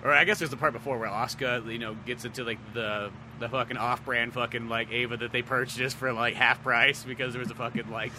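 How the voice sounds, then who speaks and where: A man's voice: mid-range voice, level tone, a little fast, hardly any pauses, bright, forceful tone, a little hiss or hum. A man co-hosting a podcast in casual chat, joking, swearing and laughing often. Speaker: podcast co-host.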